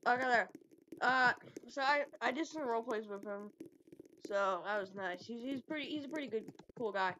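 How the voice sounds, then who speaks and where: A woman's voice: a little high, moderate pace. Giggly woman trash-talking through a noisy game. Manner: giggly, excitable trash talk. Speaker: gaming video creator. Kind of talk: playful game commentary. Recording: noisy recording with clicks.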